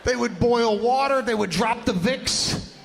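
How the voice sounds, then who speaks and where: A man doing stand-up comedy, telling stories in an animated, exasperated way. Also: very high voice, unhurried, vocal fry, big-room sound, a little hiss or hum.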